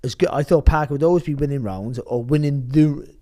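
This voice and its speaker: A man's voice: a little high, fairly quick, dark tone. A man talking as a boxing pundit in a casual panel chat, rambling, restarting his sentences and swearing freely.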